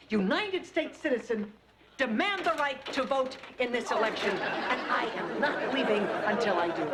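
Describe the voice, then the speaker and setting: Defiant woman journalist, sitcom, lively pitch, studio audience laughter. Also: heavy background noise. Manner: sardonic, defiant, speechifying. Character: brash outspoken woman journalist, mid-40s. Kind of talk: sitcom acting.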